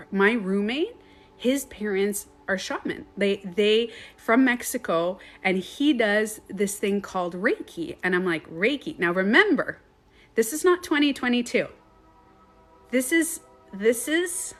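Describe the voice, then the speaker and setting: Woman, meditation coach, casual live-stream storytelling, animated, swears a lot, laughs often, mid pitch.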